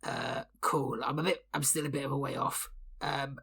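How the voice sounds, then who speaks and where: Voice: medium pitch, fairly even intonation, normal speed, vocal fry, a bit bright, husky. A tabletop player who talks in a hesitant, playful way with many fillers. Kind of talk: tabletop game play.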